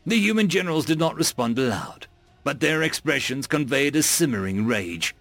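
A male narrator reading a story aloud in an even, storytelling way. His voice sits a little high and has a gravelly edge. The recording is close and dry, with no room sound. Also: moderate pace, dry recording, faint music behind. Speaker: audiobook narrator. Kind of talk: scripted narration.

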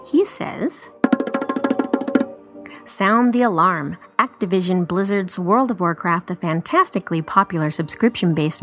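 A woman podcast co-host reading a news article aloud, steady with joking asides. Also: mid-range voice.

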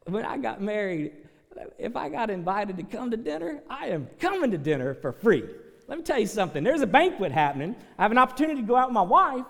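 A middle-aged preacher whose voice sits fairly high and leaps all over the place. He moves between loud, folksy urging and hushed, earnest appeals, restarting and repeating words as he goes. The sanctuary lets each phrase ring out in a long reverb. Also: moderate pace. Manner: preachy, shifts between loud energetic exhortation and soft earnest pleading. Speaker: pastor. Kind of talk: sermon. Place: church sanctuary.

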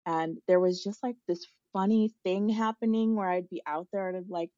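A woman in her forties, a guest on the show, telling a personal story in a thoughtful, searching way, with frequent pauses and fillers. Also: medium pitch, fairly even intonation, dark tone, no room sound, highs cut off.

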